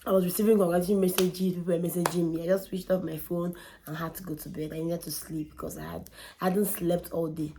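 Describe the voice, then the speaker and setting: Woman, young adult, animated storytelling, somewhat low pitch. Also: quick pace, slight background noise. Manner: animated, repeats words for emphasis. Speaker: vlogger. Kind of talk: candid storytelling vlog.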